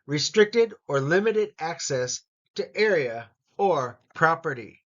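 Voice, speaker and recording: A man teaching an English vocabulary lesson, saying each word slowly and repeating it for learners. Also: fairly high pitch, lively intonation, lo-fi sound. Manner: slow, careful pronunciation drills with repetition.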